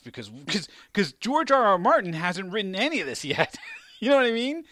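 A man hosting a casual chat, rambling and animated, swearing and laughing often. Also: high voice, a little fast, dry recording, studio quality.

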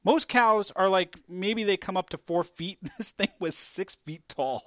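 A man hosting a casual chat, rambling and animated, swearing and laughing often. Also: high voice, measured pace, no echo, studio quality.

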